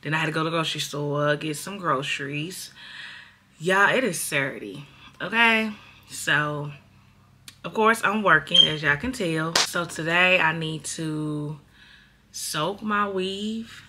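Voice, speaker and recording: A woman's voice: deep voice, measured pace, sharp tone. A woman in her thirties talking candidly to her viewers in a casual home vlog. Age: 30s. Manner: candid, chatty, addresses viewers as y'all. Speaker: vlogger.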